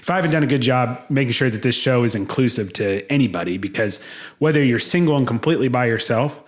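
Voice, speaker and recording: A man's voice: medium pitch, expressive, fast. A man in his thirties co-hosting a marriage podcast in casual chat, blunt and profane, getting fired up as he talks. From United States. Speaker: podcast co-host.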